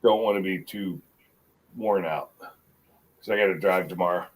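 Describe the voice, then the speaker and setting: A middle-aged man with a mixed American accent, chatting casually as a guest on a livestream and rambling with halting restarts. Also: deep voice, poor audio. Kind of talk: casual chat.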